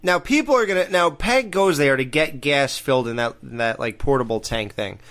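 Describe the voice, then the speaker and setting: A man's voice: mid-range voice, lively intonation, normal speed, a bit bright, faint music behind. A man hosting a podcast, casually recapping a sitcom episode and laughing along. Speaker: podcast host.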